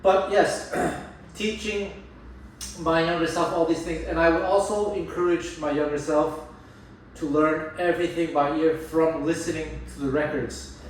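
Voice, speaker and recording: Unhurried and fairly even in intonation, a slightly high-voiced jazz guitar teacher and host talks casually about music teaching. He emphasizes playing for an audience and often restarts sentences. Slight background noise, roomy echo, a distant mic, and faint ambience mark the recording.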